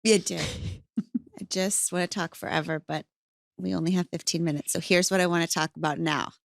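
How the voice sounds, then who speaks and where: A woman's voice: fairly low pitch, fairly even intonation, normal speed, vocal fry, no room sound, studio quality. Podcast host woman asking questions. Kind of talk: interview conversation.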